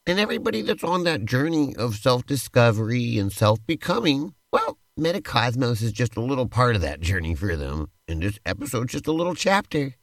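A man's voice: medium pitch, very animated, brisk, hardly any pauses, no echo, clean studio sound. A man hosting a podcast and narrating a playful tabletop-style role-play adventure as game master, in an easygoing, rambling way.

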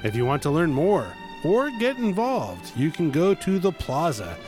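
Man, radio host, casual DJ patter, wry asides, animated delivery, music behind. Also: a little high, measured pace. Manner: chatty, self-correcting, wry asides. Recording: music playing under the voice.

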